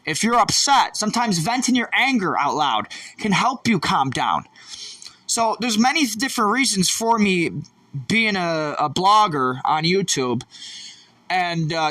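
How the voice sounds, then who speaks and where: A man's voice: sits high, fairly bright tone. A young man vlogging, talking in a rambling, profane and agitated late-night rant, a bit distant from the mic. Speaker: YouTube vlogger.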